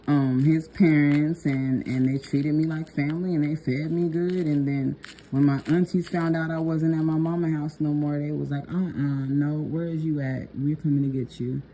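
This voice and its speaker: A woman's voice: low voice, dark tone, slight background noise. A young woman nail technician telling a personal story in a chatty, laughing vlog style, talking to viewers as y'all.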